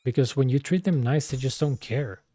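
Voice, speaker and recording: A man's voice: mid-range voice, normal speed, dark tone, dry recording. A man streaming and coaching a game, telling an exasperated, rambling story full of filler words. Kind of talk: casual storytelling while streaming.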